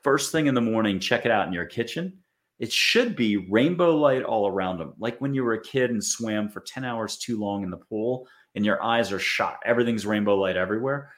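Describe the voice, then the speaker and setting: A man's voice: fairly low pitch, a little fast. A man from the United States giving a casual spiritual talk to an audience, chatty and acting out little quoted voices. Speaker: spiritual speaker.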